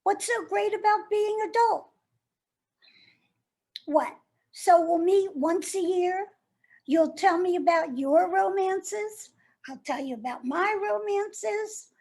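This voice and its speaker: A wounded, sardonic jilted lover , played by a woman, speaks in a very high, thin voice. She takes her time, drawing out each line slowly and deliberately. It is a stage monologue with a biting edge. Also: gravelly, darkish tone, heavily acted. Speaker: actor performing a monologue.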